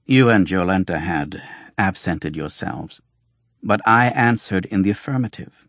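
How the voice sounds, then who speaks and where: A man's voice: sits low, animated, unhurried, a bit bright, dry recording, clean studio sound, full character voice. A man reading as a sly fox-faced doctor. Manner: wry, mocking, flowing speech. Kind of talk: audiobook reading.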